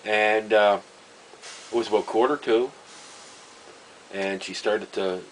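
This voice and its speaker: A man, telling a personal story in a rambling, halting way, full of fillers and wry chuckles. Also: fairly low pitch, fairly even intonation, slight background noise, low-quality recording. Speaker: vlogger. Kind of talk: casual storytelling monologue.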